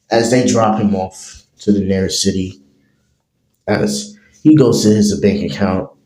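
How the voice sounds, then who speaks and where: A man's voice: deep voice, warm tone. A man improvising a fan story, rambling with many fillers. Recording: roomy echo.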